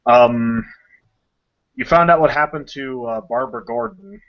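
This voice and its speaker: A man co-hosting a casual podcast chat, talking with enthusiasm and acting out scenes in quick voices. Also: mid-range voice, expressive, gravelly. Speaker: podcast co-host. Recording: dull lo-fi podcast audio.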